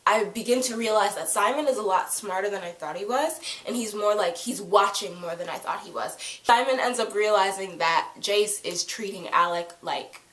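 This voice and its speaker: Excitable woman fan reviewing a TV show; casual, swears freely, recorded in an echoey room. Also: mid-range voice, normal speed, few pauses. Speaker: TV episode reviewer.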